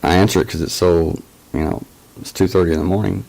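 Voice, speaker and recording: A man's voice: low voice, fairly even intonation, quick pace, creaky, darkish tone, poor audio. A man casually telling a personal story as a channel host, hesitant, with many fillers and restarts.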